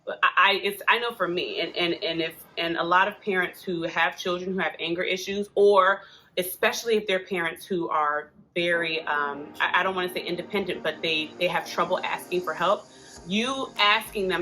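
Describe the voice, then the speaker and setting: A woman's voice: on the low side, normal speed, sharp tone, soft background music. A woman hosting a casual advice talk, speaking in a chatty, earnest way with frequent asides. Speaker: host giving parenting support advice.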